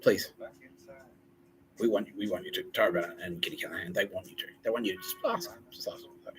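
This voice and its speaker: Fast-talking and low-voiced with a bit of brightness, a forties-aged man delivers a casual solo podcast monologue over a low-quality recording. He jokes, wanders from point to point and curses constantly.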